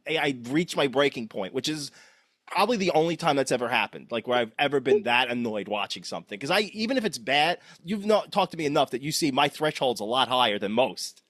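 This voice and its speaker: Lively man with a dry, close sound. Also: mid-range voice, fairly quick, no room sound. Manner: lively, laughing storyteller. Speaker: podcast co-host. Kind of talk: casual chat.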